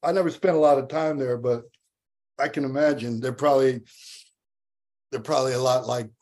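A male voice actor as a guest on a podcast, chatting in a relaxed, profane way and laughing easily. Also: medium pitch, a little fast. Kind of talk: casual podcast chat.

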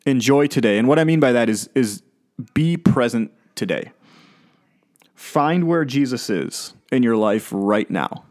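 A man delivering a sermon in a relaxed, conversational tone. His voice sits at an ordinary middle pitch, and he speaks earnestly while chuckling lightly now and then. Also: measured pace. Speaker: pastor.

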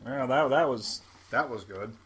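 A man chatting casually about movies, jokey and animated. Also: medium pitch, unhurried, slightly rough.

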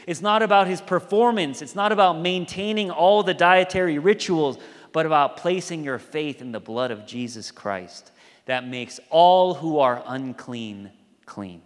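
An unhurried male pastor with a slightly high voice tells his sermon like a conversation, playing out the quoted voices himself. The sound is washed in long hall reverb.

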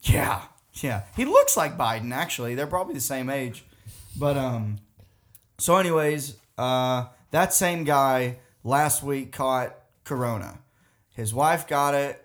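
A man's voice: mid-range voice, lively intonation, unhurried. A man with a Southern US accent, co-hosting a podcast in a rambling, casual chat, often laughing. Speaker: podcast co-host.

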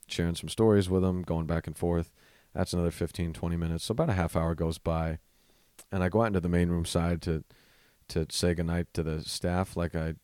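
Low-voiced man telling a story casually. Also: a little mellow, no room sound, clean studio sound. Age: 30s. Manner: casual, profane, rambling storytelling with restarts. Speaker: podcast host. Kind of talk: solo storytelling podcast.

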